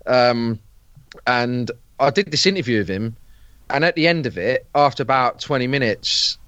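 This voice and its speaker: A man talking casually on a podcast, rambling and circling back with fillers and restarts. His voice sits mid-pitch. The sound is dry and slightly muffled. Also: expressive, moderate pace, fairly bright tone, dry recording. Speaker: podcast guest. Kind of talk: casual chat.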